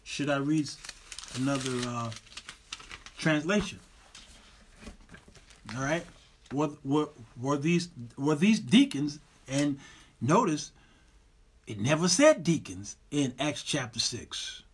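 A man's voice: fairly high pitch, sing-song, slow pace, long pauses, slight background noise. A man hosting his own show, teaching from the Bible in a loose, folksy way and stacking repeated words as he builds a point. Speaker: show host and preacher.

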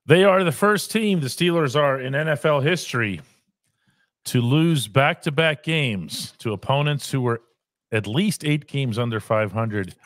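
A man hosting a casual sports talk show, speaking in a measured and wry way as he explains the news. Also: medium pitch, lively intonation, fairly bright tone, no echo, studio quality. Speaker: host, sports columnist.

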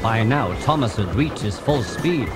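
A man's voice: mid-range voice, a little slow. A man narrating a children's railway storybook. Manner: lively, expressive storytelling. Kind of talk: storybook reading. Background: music.

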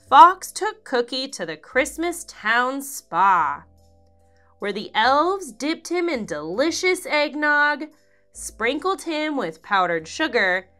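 Bright, lively kids' storyteller woman, high voice, faint music under her. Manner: animated, expressive, sing-song. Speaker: children's storyteller. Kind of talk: read-aloud for kids.

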